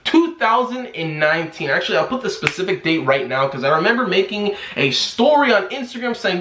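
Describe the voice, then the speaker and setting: A man's voice: high voice, big pitch swings, fairly quick, few pauses, bright, forceful tone, slight background noise. Heated, profane young man in echoey room. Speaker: YouTube commentator. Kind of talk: ranting commentary vlog.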